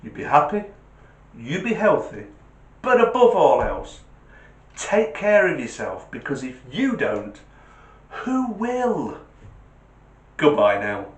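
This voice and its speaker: A chatty, homely man talking casually to his viewers, his voice sitting a little high and swinging around a lot. The room is echoey. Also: big pitch swings, slow pace, pauses often. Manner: chatty, homely, repeats sign-off requests. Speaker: vlogger. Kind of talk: casual vlog talk and joke telling. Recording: roomy echo.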